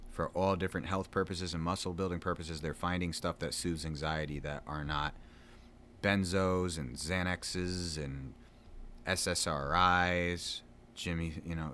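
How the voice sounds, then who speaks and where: Deep-voiced man rambling casually. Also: fairly bright tone, slight background noise. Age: around 30. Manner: loose, chatty, self-mocking, plenty of fillers. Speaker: gaming vlogger. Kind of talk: casual rambling chat while gaming.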